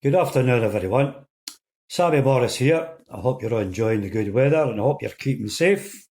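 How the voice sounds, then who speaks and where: A comedian telling jokes in a chatty storytelling manner. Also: male voice, mid-range voice, expressive, a little fast, a little mellow. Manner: chatty storyteller building up to punchlines.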